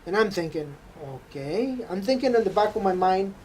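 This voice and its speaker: A man telling an earnest, halting faith testimony. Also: high voice, expressive, darkish tone, slight background noise. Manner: halting, earnest storytelling with frequent hesitations. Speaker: interview guest.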